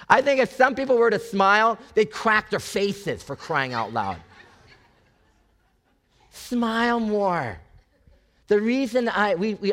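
A male pastor preaching a lively, conversational sermon to his congregation, often asking them questions. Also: on the high side. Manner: animated, conversational, talks to the congregation with repeated questions.

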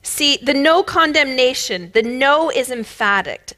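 Woman preacher, middle-aged, bright clear tone, fairly high voice, emphatic sermon delivery. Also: lively intonation, measured pace. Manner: emphatic, builds to loud bursts.

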